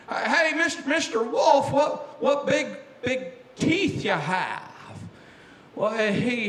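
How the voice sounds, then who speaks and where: A man's voice: very high-pitched, bright, forceful tone, voice pushed up, full character voice. A man doing an impression of a stammering, drawling old-time film star as he tells a joke. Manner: stammering, repeats words, drawn-out. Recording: echoey room.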